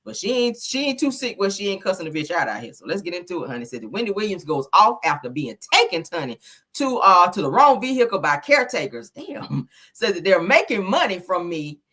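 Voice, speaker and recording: A woman's voice: lowish voice, very animated, brisk, pushed and bright, breathy edge. A woman hosting a gossip channel, chatting casually and gushing, calling her viewers honey and child. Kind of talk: casual commentary.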